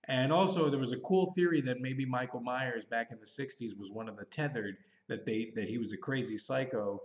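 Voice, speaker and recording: A man's voice: medium pitch, a little fast, muffled recording. A man in his thirties giving a casual, rambling movie review, hurrying and thinking aloud as he goes. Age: 30s.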